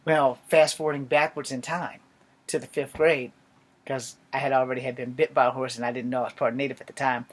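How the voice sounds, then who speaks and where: Young man, casual storytime, lots of swearing, mutters then bursts out loud, drops to whispers. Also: medium pitch, level tone, fast talker. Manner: swearing, jokey, swings from mutters to loud outbursts. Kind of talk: casual profane storytime monologue.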